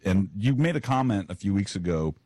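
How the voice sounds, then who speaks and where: A man's voice: on the low side, animated, brisk, darkish tone, dry recording, clean studio sound. A man co-hosting a podcast in casual chat, easygoing and joking, often repeating words. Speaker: podcast co-host.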